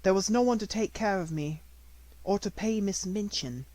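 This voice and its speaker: A man reading an audiobook and voicing a quiet, grave orphaned little girl in a raised, soft, steady voice. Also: sits high, normal speed, no echo, pitched above the performer's own voice, natural voice.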